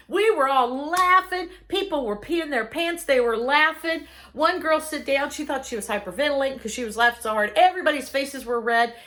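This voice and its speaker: A middle-aged woman delivers a humorous advice talk in a higher than usual, very animated voice. She is chatty and pokes fun at herself, and she slips into little voices for the people she quotes. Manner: chatty, self-mocking, acts out quoted people. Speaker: speaker giving advice.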